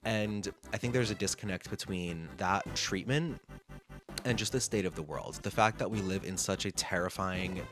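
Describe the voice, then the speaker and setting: A man vlogging in a casual, animated storytelling monologue, with sassy slang and acted-out bits of conversations. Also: deep voice, moderate pace. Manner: chatty, animated, reenacts conversations. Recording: music playing underneath. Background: guitar music.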